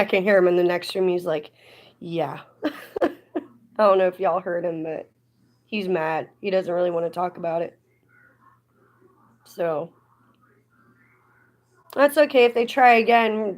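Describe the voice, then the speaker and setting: A woman's voice: medium pitch, a little slow, long pauses. Chatty woman streaming casually. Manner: chatty, rambling, indignant at times. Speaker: livestreamer. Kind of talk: casual live stream chat.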